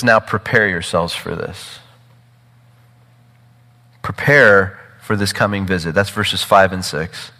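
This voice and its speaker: A man's voice: on the low side, sharp tone. Emphatic male preacher in a reverberant hall. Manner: emphatic, repeats words, rising to urgent peaks. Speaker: pastor. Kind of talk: sermon.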